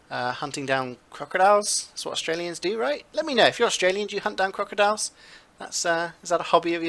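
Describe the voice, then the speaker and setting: A man's voice: on the high side, bright, forceful tone. A young man casually commenting on a video game, chatty and rambling, often asking viewers for their ideas. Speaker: gaming video creator.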